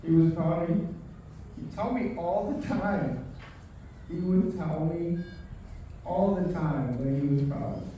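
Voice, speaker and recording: A man delivers a memorial speech and toast, slow and halting, often restarting his words. His voice is mellow and somewhat high. He is picked up from a distance in a strongly echoing room with a faint background hum. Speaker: son giving a eulogy. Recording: echoey room from far off.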